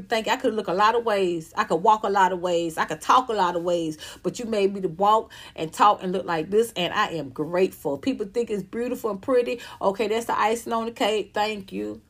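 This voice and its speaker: Emphatic, profane woman in her fifties. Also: mid-range voice. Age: 50s. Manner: emphatic, profane, repeats herself. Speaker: vlogger. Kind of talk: ranting monologue.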